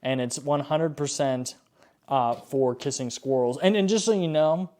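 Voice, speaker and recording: A man's voice: mid-range voice, measured pace, darkish tone. A man hosting a video, ranting about bad ads with lots of swearing and repeated "okay?"s. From Canada. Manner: profane, exasperated, keeps asking "okay?". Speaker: video host reviewing ads. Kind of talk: ranting reaction commentary.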